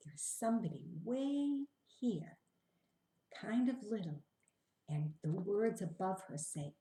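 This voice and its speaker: A woman reads a picture book to young children at an unhurried pace, coaxing them with questions and little hand games. She sometimes sinks to a soft whisper or sings a slow tune. Her voice carries a roomy echo. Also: medium pitch, sing-song. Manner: gentle, coaxing, talks straight to children with questions and hand play; drops to a whisper at times, sings slowly. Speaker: children's storyteller. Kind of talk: interactive children's story reading.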